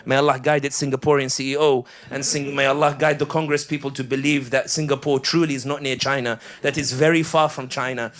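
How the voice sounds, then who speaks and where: A middle-aged man gives a live public speech as an animated storyteller with comic asides. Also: mid-range voice, fairly quick, hardly any pauses. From United Kingdom. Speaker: public speaker.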